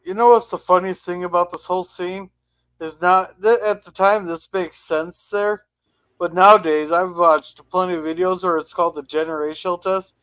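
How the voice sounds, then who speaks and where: A man's voice: sits high, steady tone, normal speed, a bit bright, smooth, no echo. A man in a casual chat, curious and chatty, asking questions about what he sees. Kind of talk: casual chat reviewing an old sitcom.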